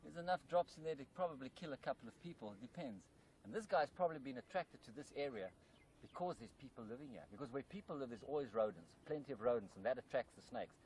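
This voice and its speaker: A man's voice: medium pitch, lively intonation, fast, darkish tone, rough recording. Male wildlife presenter, keen and explanatory, recorded outdoors with a faint background hiss. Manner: enthusiastic, explains while handling a snake.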